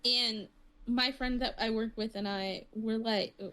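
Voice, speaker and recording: A woman with a fairly high voice chats on a podcast. She tells stories in a chatty, amused way. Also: fairly even intonation, unhurried, pushed and bright. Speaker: podcast co-host. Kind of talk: casual podcast chat.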